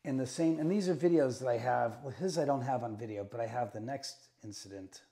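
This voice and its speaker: A man's voice: medium pitch, fairly quick, creaky. Middle-aged man telling ghost stories. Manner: animated retelling with acted-out quotes. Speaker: house owner giving a tour. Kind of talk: casual storytelling. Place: inside a house room.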